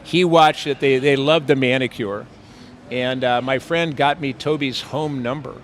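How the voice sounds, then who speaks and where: Older man, mid-pitch, rambling storyteller, fillers, street interview, faint traffic. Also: a little slow. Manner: rambling, with frequent fillers and playful impressions. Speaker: actor, interview guest. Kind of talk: anecdotal storytelling. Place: outdoors on a city street.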